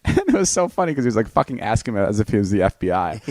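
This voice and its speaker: A man's voice: fairly low pitch, sing-song, rapid-fire, a little mellow, no room sound, clean studio sound. A man in his twenties co-hosting a podcast, telling a story casually with plenty of swearing and acting out what people said in raised voices. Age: 20s. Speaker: podcast co-host. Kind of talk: casual chat.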